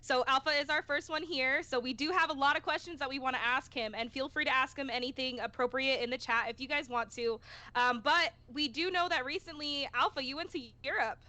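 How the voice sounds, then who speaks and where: A woman's voice: high-pitched, brisk, sharp tone. A woman hosting a podcast, welcoming a guest and asking conversational questions. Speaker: podcast host.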